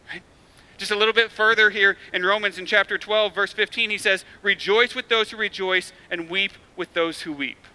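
Male pastor, easygoing sermon delivery, punchy repeated phrases, forceful edge. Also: sits high, moderate pace, clear, resonant tone. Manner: casual, conversational preaching with many fillers and tag questions; emphatic, repetitive build-ups. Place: church.

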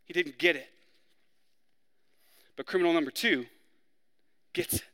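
A man preaching a sermon, acting out the criminals' words in a raised, forceful voice. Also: lively intonation, a little slow, long reverb tail. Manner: preaching, acts out the criminals' lines with rising pitch and force. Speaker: pastor.

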